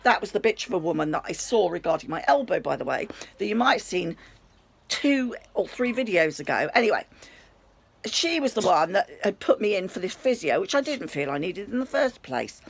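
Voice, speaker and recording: A British woman telling a rambling, animated story in a chatty storytime vlog, swearing casually. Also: mid-range voice, a little fast, creaky, slightly rough. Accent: British English. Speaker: vlogger.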